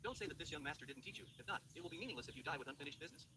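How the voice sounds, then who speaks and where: A man's voice: a little high, lively intonation, rapid-fire. A man voicing a cocky young male hero who taunts his enemy. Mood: taunting. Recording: distant voice over loud background noise.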